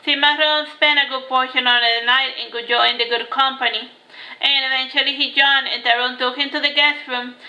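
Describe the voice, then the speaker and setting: A woman's voice: sits high, level tone, fairly quick, bright, forceful tone, poor audio. A woman reading her novel aloud, with occasional restarts and small slips. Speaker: audiobook reader.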